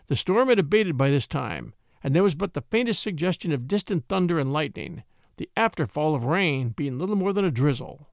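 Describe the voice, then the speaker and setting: A man narrating an old-fashioned story in a measured, expressive way. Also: a little high, dry recording, studio quality.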